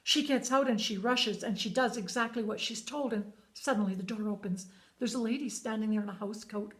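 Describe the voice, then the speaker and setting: A woman's voice: medium pitch, steady tone, brisk. A woman telling a true story in an earnest, plain way, often repeating words as she goes. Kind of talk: spoken storytelling monologue.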